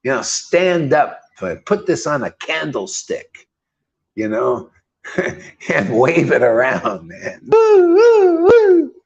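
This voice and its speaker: A man's voice: mid-range voice, animated, slow pace, gravelly. A middle-aged man giving an informal scripture sermon, emphatic, with rhetorical questions and repeated key words. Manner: emphatic, keeps calling listeners "man". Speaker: spiritual teacher. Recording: dull lo-fi recording.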